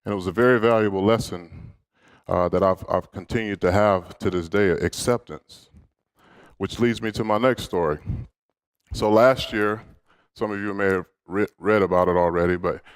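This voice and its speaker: A man with a low, smooth, resonant voice speaks to an audience from a stage. He tells personal stories in a candid, conversational way and works in humor as he goes. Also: fairly even intonation, normal speed. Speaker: motivational speaker. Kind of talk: inspirational storytelling speech.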